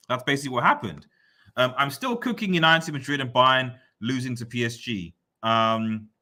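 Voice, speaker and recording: A man live-streaming, reading out viewer comments and answering them in a teasing, repetitive running rant. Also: medium pitch. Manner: repeats phrases, teasing, excitable rants. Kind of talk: casual live-stream chat.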